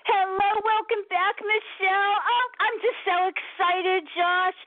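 Female caller, high and gushing, thin phone-line sound. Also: steady tone, unhurried. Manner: gushing, emphatic, keeps addressing the guest by name. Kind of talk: call-in radio chat.

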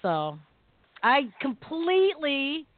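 A woman's voice: high-pitched, big pitch swings, takes it slowly, slight background noise. A woman from the Philippines co-hosting a casual talk radio show, giggling as she tries out holiday greetings. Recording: tinny phone-line sound.

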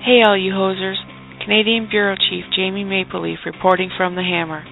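A man's voice: sits high, level tone, a little fast, vocal fry, pitched above the performer's own voice. A man voicing a brash, flirty Canadian woman bureau chief who says "eh" and "hosers" in a mock news report. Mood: cheeky. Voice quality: exaggerated Canadian "eh" and "hosers" talk. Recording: tinny phone-like sound with faint music.

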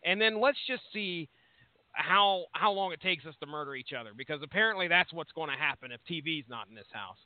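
Thirties male co-host, high voice, rambling and profane, tinny dry line. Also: expressive, fairly quick, no echo. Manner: rambling, swears freely. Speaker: podcast co-host. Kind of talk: casual profane chat.

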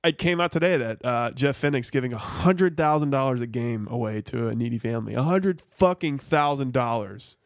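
A man's voice: mid-range voice, fairly quick, few pauses, no echo, studio quality. A man co-hosting a casual podcast, rambling and cursing, with lots of restarts and fillers. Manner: rambling and profane, full of restarts and "like". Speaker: podcast co-host. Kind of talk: casual chat.

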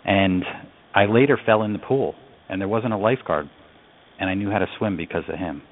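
A man's voice: sits low, a little fast. A man from upstate New York, a radio interview guest, telling a story in an earnest, reflective way. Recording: phone-line audio.

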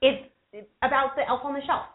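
A playful, quick-witted woman co-hosting a casual talk show and handing out parenting tips. Her voice sits a little high, and the sound is narrow and tinny, like a phone call. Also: flat delivery. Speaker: co-host giving parenting tips.

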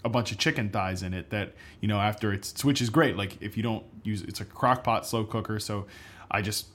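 Male co-host, casual and rambling, slightly low-pitched. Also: a little fast, fairly bright tone. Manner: rambling, loose, filler-heavy storytelling. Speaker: podcast co-host. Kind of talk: casual chat.

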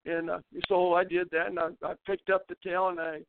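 A man's voice: high voice, level tone, a little fast, creaky, noisy background. An older man, telling rambling folksy stories as an interview guest and often restarting his sentences. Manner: rambling folksy storyteller, frequent restarts, laughs at his own tales. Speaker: interview guest, former baseball pitcher. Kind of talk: storytelling in a casual interview. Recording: tinny phone line.

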